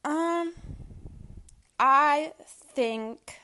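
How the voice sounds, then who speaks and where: A woman's voice: high-pitched, drawn-out words, sharp tone. Blunt young woman ranting, full of "like". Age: young adult. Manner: blunt, profane, filler-heavy with constant "like". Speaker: podcast host. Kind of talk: casual opinion monologue. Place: Washington State.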